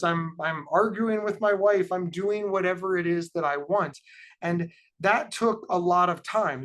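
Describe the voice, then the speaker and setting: A middle-aged man speaking to an audience about his own life in an animated, storytelling way. His voice sits a bit higher than most men's, and he stumbles over repeated starts as he gathers momentum. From Ohio, USA. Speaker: guest speaker, mental health advocate. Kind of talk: personal talk to an audience.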